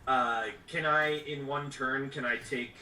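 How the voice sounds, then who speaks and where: A man's voice: medium pitch, steady tone, a little slow, bright, forceful tone, slight background noise. A man playing a tabletop game, chatting in a rambling way about his characters' turns. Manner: chatty, rambling, many fillers. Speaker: player. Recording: echoey room, far from the mic.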